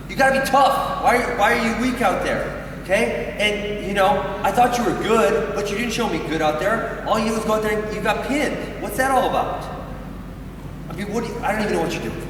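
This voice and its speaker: A man's voice: high-pitched, pitched above the performer's own voice, lightly acted. A man playing a belittling, scolding parent. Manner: belittling, nagging. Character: harsh parent scolding his young wrestler. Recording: echoey hall, distant mic, faint noise.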